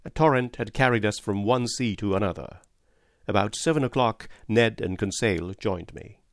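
A man reading a novel aloud as narrator, in a measured, deliberate manner. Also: fairly low pitch, no echo, clean studio sound. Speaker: audiobook narrator. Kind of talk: scripted narration.

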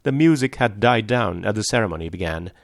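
Low, gravelly male audiobook narrator. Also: expressive, no room sound, clean studio sound. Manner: measured, literary. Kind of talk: scripted narration.

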